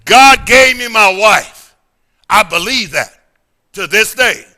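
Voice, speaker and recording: A middle-aged man pastor preaching a sermon in a church service, emphatic and repetitive, swinging between sudden shouts and quiet asides. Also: high-pitched, lively intonation, slow. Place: church sanctuary during a service.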